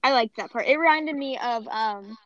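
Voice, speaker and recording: A woman's voice: on the high side, normal speed, dry recording, dull audio. A woman co-hosting a podcast, chatting casually and dropping playful, quippy asides. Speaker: podcast co-host. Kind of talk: casual chat.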